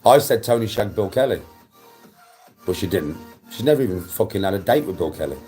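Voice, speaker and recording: Young man, low voice, lively ups and downs, mellow tone, blunt and defensive, faint music behind. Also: brisk. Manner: blunt and defensive, swears often. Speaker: livestream host. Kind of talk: casual livestream chat.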